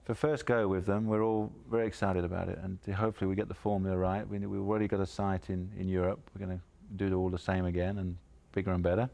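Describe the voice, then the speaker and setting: A man appearing as a guest on a call-in golf show, chatting casually and telling lively anecdotes. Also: deep voice, fast talker, creaky, few pauses. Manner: animated storyteller, chuckles through anecdotes. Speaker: guest golfer. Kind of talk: casual chat.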